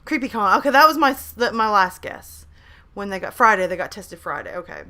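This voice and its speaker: A bright-voiced woman in her thirties talks into a desk mic at her laptop during a home live stream. She is hyper and chatty, greeting viewers and reading their messages aloud. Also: mid-range voice, sing-song, brisk. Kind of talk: casual live stream chat. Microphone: desk microphone at a laptop.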